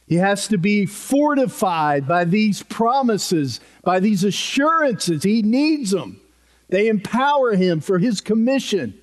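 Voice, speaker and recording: A man's voice: sits high, sing-song, takes it slowly. A man preaching a sermon as a pastor, earnest and emphatic, repeating key phrases for weight.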